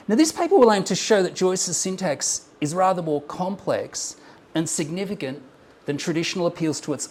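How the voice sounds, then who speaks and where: Slightly high in pitch with a darkish tone, this man delivers a conference talk on an academic paper, slides projected behind him in a lecture room. He works through his points thoughtfully, often saying um and starting over, over a bit of background noise.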